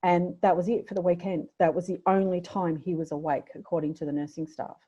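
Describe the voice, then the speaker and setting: A woman's voice: lowish voice, steady tone, brisk, warm tone, husky. A middle-aged woman with an Australian accent, a podcast guest telling a personal story in a candid, reflective way. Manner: candid, reflective, emotional at times. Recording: dull lo-fi audio.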